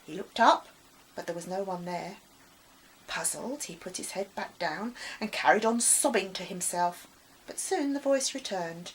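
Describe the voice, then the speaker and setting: A woman author reading her children's adventure story aloud with expressive, dramatic storytelling. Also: mid-range voice, a little slow, slight background noise, poor audio.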